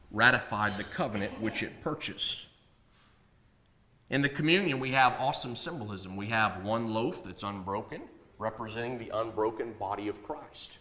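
A man preaching a sermon, emphatic, rising on key points and dropping low on asides. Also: sharp tone. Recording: echoey room.

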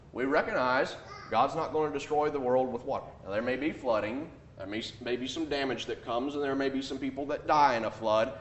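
A man preaching a sermon, emphatic, rising on key points and dropping low on asides. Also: a bit bright, slight background noise. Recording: echoey room.

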